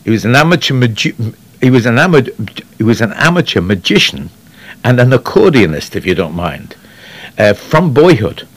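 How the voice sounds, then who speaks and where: A man's voice: mid-range voice, very animated, moderate pace, slightly rough, dry recording. A man chatting casually on the radio, telling rambling anecdotes that trail off. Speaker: radio guest on classic actors.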